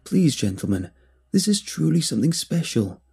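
A man's voice: on the high side, sing-song, moderate pace, gravelly, dark tone, breathy edge, pitched above the performer's own voice, exaggerated voice. A man voicing an earnest male scientist who pleads with a raised voice. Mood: pleading.

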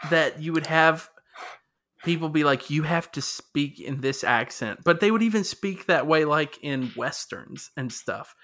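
A man co-hosting a casual chat, laughing often and telling stories in an animated way. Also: fairly high pitch, a little slow.

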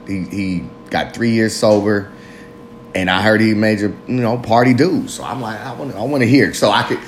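A podcast host in his thirties rambles through a solo confessional monologue, swearing a lot, mocking himself and laughing often. His fairly low voice holds a steady tone at normal speed, with slight background noise and roomy echo.

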